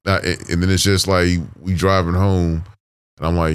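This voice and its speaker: A man's voice: low-pitched, level tone, normal speed, smooth. A man chatting as a podcast guest, rambling loosely with lots of fillers and swearing. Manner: rambling, full of fillers and profanity. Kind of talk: casual podcast chat.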